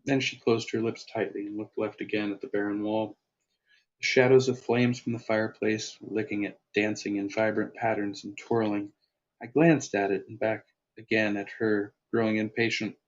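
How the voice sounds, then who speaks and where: A man's voice: fairly low pitch, level tone, moderate pace. A man reading his own first-person story aloud, then chatting casually and self-deprecatingly about his writing. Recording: lo-fi, dull sound.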